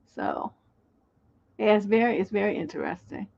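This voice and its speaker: A woman's voice: mid-range voice, sing-song, moderate pace, gravelly, darkish tone, highs cut off. A woman relationship coach, talking bluntly and with profanity on a livestream. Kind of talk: livestream advice talk.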